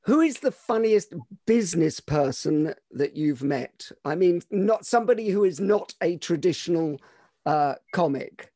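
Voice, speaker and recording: A man's voice: fairly high pitch, animated, a little slow, dark tone. A man hosting a podcast interview, reacting briefly and moving on to set questions. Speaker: podcast host. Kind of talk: interview chat.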